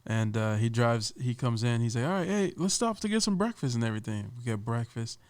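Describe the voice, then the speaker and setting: Guy on a podcast telling a story, smooth resonant voice, animated and chatty. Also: medium pitch, fairly quick. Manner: lively, animated, slips into voices of people he quotes. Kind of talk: casual storytelling chat.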